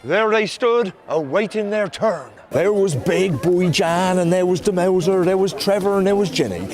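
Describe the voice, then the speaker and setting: High, lilting man narrating a folk tale over music, a storyteller. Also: moderate pace.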